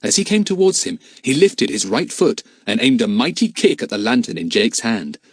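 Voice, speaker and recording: A man narrates a children's adventure book in a clear, expressive way. His pitch rises and falls a lot as he tells the story. The sound is dry and close. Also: moderate pace, no echo. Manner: lively, expressive reading. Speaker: audiobook narrator.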